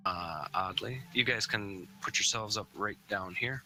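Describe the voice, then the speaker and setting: Bright-voiced male game master. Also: on the low side, steady tone, faint music behind. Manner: halting, full of fillers. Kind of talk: running a tabletop game online.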